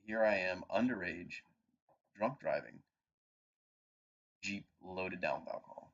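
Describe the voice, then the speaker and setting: A man in his twenties swaps stories on a podcast, swearing freely as he winds through an anecdote. His voice sits a little low, and the audio comes through dull and lo-fi. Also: measured pace, pauses often. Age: 20s. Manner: profane, animated anecdote-telling. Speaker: podcast co-host. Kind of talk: casual storytelling chat.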